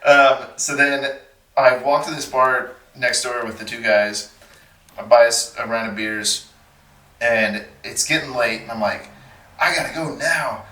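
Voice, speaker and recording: A man's voice: medium pitch, unhurried, echoey room, recorded from a distance. A man from Texas telling a story as a podcast guest, animating it by acting out the voices of people in it. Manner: animated, acts out the voices of people in his stories. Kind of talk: casual storytelling.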